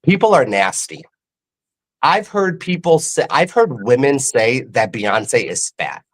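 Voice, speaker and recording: Earnest guest chatting, quick and candid. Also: male voice, mid-range voice, big pitch swings. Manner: earnest, talks quickly with fillers. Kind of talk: casual interview chat. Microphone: video call.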